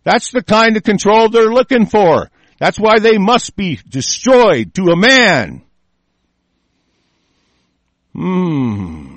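A man's voice: sits high, big pitch swings, slow, fairly bright tone, no room sound. A man in a furious, profanity-laden solo rant, commenting on the news. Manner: furious, heavily profane ranting. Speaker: political commentator.

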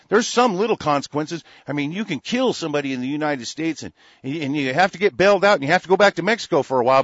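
Male commentator, furious profane rant, fairly high voice, dull dry lo-fi recording. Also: fairly bright tone, dry recording. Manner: profane, heated and repetitive. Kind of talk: angry political rant.

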